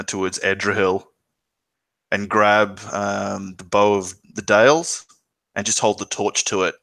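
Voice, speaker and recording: A man at a tabletop game asks the game master hesitant questions and describes his moves. His voice is very low, and the sound is dry and close. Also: fairly bright tone, dry recording. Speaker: player. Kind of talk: casual tabletop game play.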